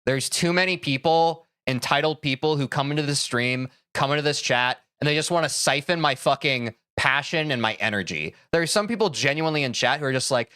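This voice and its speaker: A young man streams live and vents to his chat, heated and profane, then settles into calm, measured apologies. His voice is bright and very lively, leaping up and down as he talks. It sounds close and dry, with no room at all. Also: a little high, dry recording. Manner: heated, swears a lot, switches to calm apologies.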